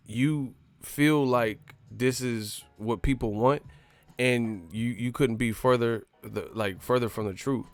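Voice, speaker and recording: A man's voice: mid-range voice, dry recording. Loose-talking man on a stream. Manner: loose, slangy, profane, laughing storyteller. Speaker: live stream host. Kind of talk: casual boxing talk.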